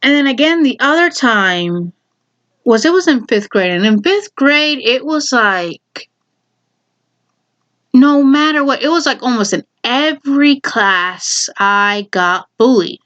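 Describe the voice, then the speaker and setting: A woman's voice: sits high, lively intonation, takes it slowly, a bit bright, highs cut off. Exasperated woman venting in a vlog. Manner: heated, exasperated, swears freely. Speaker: vlogger. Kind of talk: casual storytelling monologue.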